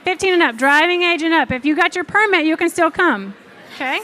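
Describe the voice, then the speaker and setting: Bright high-voiced woman making announcements. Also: animated, a little fast. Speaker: youth group co-host. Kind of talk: live announcements and banter.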